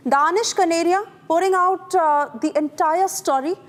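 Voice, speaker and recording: A woman anchoring live TV news, introducing guests and reading breaking news in a brisk, emphatic manner. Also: very high-pitched, in a large hall.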